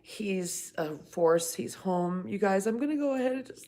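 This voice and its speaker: A woman's voice: medium pitch, animated, unhurried, hardly any pauses, dark tone. Chatty middle-aged woman on a livestream. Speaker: livestream host. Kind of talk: casual live-stream chat, reading viewer comments.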